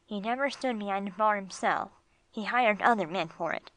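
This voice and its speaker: A woman voicing Gringo, a gruff streetwise bulldog. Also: medium pitch, moderate pace, fairly bright tone, no echo, natural voice. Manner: gruff slangy street talk. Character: tough streetwise male bulldog, gruff and blunt. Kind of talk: audiobook character voice.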